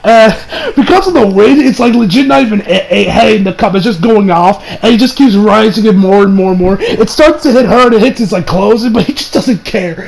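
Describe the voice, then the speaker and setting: A young man giving a casual, animated episode review, slangy and quick to laugh. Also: sits high, gravelly, low-quality recording. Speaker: anime reviewer.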